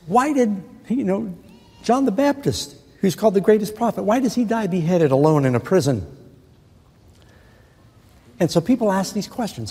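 A man delivers a sermon in a warm, mellow voice that sits slightly high for a man. He preaches earnestly, poses rhetorical questions and slows down to quote scripture. A long reverb from the large hall trails his words. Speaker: pastor.

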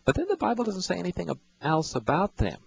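A man's voice: sits high, wildly swooping pitch, fast, gravelly, husky, poor audio. A man hosting a radio Bible call-in show, patiently explaining scripture and reading verses to callers.

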